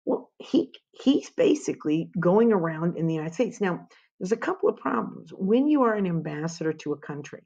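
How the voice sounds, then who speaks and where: Gravelly woman giving a history lecture. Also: fairly low pitch, very animated, normal speed, mellow, dull audio. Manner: conversational, asks rhetorical questions. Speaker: history teacher. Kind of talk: informal classroom lecture.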